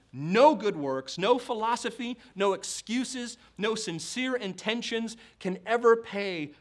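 A man preaching a sermon, emphatic, building to forceful declarations. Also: sits high.

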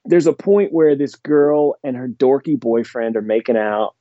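A man's voice: mid-range voice, moderate pace, no echo, highs cut off. A man in casual chat, rambling enthusiastically with lots of fillers. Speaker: podcast guest.

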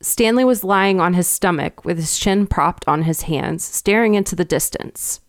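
A woman narrating a storybook in a measured, even way. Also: on the low side, no room sound, clean studio sound. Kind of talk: storybook reading.

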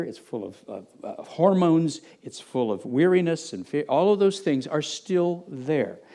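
A middle-aged man preaching to his congregation in a somewhat high voice. He talks conversationally, breaking off and restarting sentences and turning to the listeners with asides. The sermon has an easy, spoken flow. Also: a little mellow. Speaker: pastor.

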